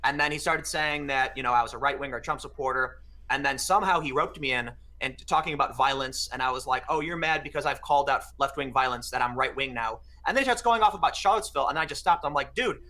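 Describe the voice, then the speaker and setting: Guy talking real fast, bright sharp voice, telling a story in a casual chat. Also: medium pitch. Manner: fast, animated anecdote-telling with quoted exchanges. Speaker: podcast guest.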